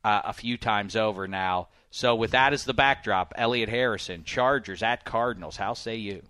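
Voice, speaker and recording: A man hosting a casual football talk show in a studio, boisterous and jokey, often swinging loud. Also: on the low side, moderate pace, dry recording. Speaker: podcast host.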